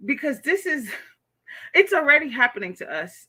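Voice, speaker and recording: A bright, sharp-voiced woman from the United States runs a casual livestream, answering chat in a blunt, profane way. Her voice sits a little high for a woman. She keeps tagging her points with "okay?" and talks straight to her viewers. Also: sing-song, normal speed. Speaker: livestream host reading chat.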